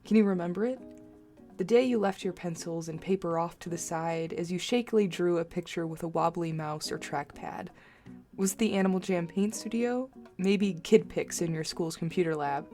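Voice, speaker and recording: Young woman w a lowish voice doing a sarcastic little voice-over, soft music behind. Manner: playful mock-dramatic sarcasm. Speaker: art video creator. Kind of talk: scripted voice-over narration.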